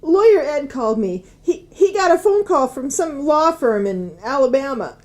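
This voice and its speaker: A woman's voice: high voice, expressive, moderate pace, a little mellow. An actress playing a flustered, stammering small-town woman in a comic radio soap.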